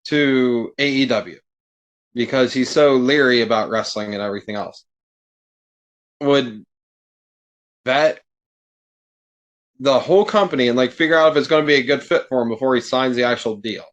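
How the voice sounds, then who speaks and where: A man as a podcast guest, talking in casual chat and sounding exasperated, swearing freely and getting animated. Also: medium pitch, moderate pace, pauses often.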